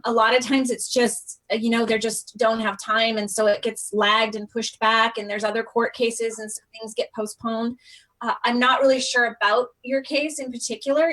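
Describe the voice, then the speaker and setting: A woman's voice: on the high side, fairly even intonation, moderate pace, fairly bright tone. Earnest woman hosting a live stream. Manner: earnest, heartfelt, talks straight to viewers. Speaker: live stream host on foster care. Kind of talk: casual live-stream chat.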